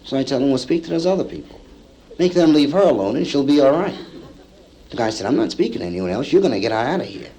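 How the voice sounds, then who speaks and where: Stand-up comic telling a party story. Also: male voice, medium pitch, fast talker, poor audio. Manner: acts out characters in the story, lively punchline delivery. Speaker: stand-up comedian. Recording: vintage live comedy album, vinyl transfer. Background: audience laughter.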